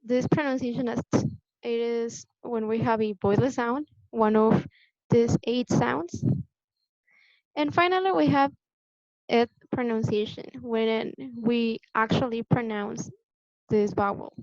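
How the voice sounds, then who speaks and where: A woman teaching English pronunciation in a patient, deliberate way, repeating the key points for her students. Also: on the high side, steady tone, no echo. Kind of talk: classroom lesson explanation. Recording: dull lo-fi sound, dry.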